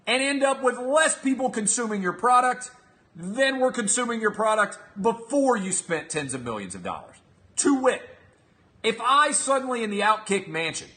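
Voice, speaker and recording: A man hosting a sports talk show, giving emphatic, sarcastic solo commentary that swings between loud and quiet. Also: high voice.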